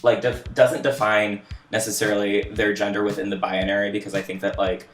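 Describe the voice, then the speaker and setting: A man co-hosting a podcast in casual chat, animated and joking, often breaking into laughter. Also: on the low side, slight background noise. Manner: animated, jokey, quick to laugh. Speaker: podcast co-host. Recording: echoey room with faint music.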